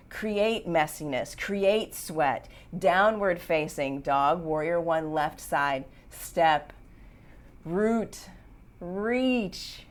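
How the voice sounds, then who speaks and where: A woman leading a live yoga class, giving short rhythmic commands with encouraging asides. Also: on the low side. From United States. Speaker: yoga teacher. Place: yoga studio.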